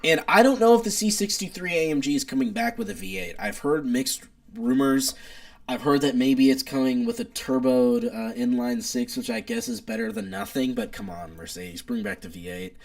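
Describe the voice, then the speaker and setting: A man's voice: on the high side, big pitch swings, moderate pace, creaky. A young man, hosting a casual live stream, opinionated and rambling as he reads chat aloud. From United States.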